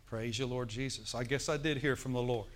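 A man's voice: medium pitch, fairly even intonation, a little fast. A middle-aged male pastor preaching a sermon in a church, telling a story with emphatic bursts.

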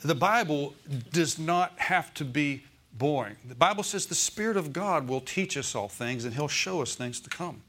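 A fairly high, sharp-toned voice marks this U.S. pastor, who preaches expressively at a moderate pace with hardly any pauses. Speaking to his congregation in the church sanctuary, he hammers key phrases and asks if they follow.

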